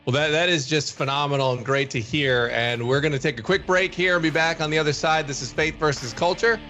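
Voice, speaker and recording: A man's voice: on the high side, a little fast, pushed and bright, soft background music. A man hosting a faith talk show, handing off to a break and back with upbeat transitions. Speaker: host.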